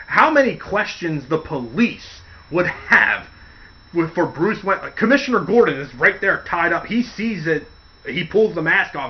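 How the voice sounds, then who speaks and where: A man's voice: sits high, muffled recording. A man hosting a casual podcast, rambling through stories and acting out quotes along the way. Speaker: podcast host. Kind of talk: casual chat.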